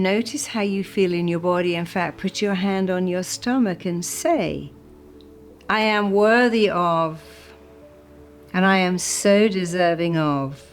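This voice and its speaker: A woman hypnotherapist giving a motivational talk, guiding the listener through spoken affirmations and slowing down to stress key phrases. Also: low-pitched, darkish tone. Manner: emphatic, slows to stress key phrases and repeats them. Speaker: hypnotherapist and speaker.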